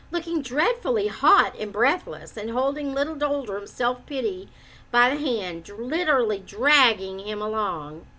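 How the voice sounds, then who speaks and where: A woman reading a children's book aloud in an expressive, measured way. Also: high voice. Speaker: storyteller.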